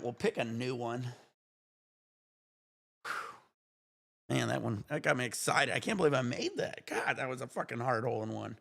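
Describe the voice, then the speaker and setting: A man talks through his gaming livestream with a gravelly, fry-heavy voice at a middling pitch. He is excitable and casual, swearing freely and letting out breathy exclamations as he chats to viewers. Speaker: livestream gamer.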